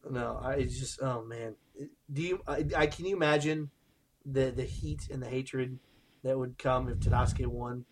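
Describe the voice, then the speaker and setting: A man co-hosting a podcast in casual chat, animated and jokey, with bursts of excitement. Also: mid-range voice, normal speed, a little hiss or hum. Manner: animated, jokey, trails off with fillers. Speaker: podcast co-host.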